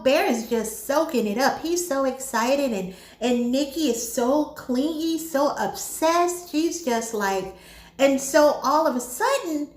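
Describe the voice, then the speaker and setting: A high-voiced woman chats about a movie and retells the plot with animated flair, turning to her viewers as she goes. Her voice bounces around a roomy, echoing space. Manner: animated storytelling, talks straight to viewers. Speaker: movie reviewer. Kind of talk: casual chat.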